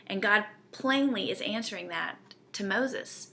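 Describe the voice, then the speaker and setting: A woman's voice: mid-range voice, a little slow, creaky, sharp tone. A woman, teaching a Bible study in an earnest, conversational way and often checking in with her listeners.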